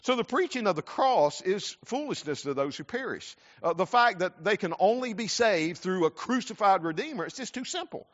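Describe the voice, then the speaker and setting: A man's voice: high-pitched, expressive, moderate pace, few pauses. A man from South Carolina, preaching a sermon earnestly, often repeating words as he restarts. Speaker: pastor. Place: church sanctuary. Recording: muffled church hall with long reverb.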